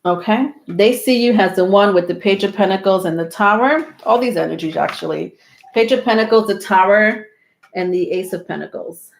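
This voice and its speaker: A woman's voice: mid-range voice, normal speed, gravelly, reverberant. A woman giving a casual live tarot reading, chatty and loose, with many fillers and frequent laughs. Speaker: tarot reader.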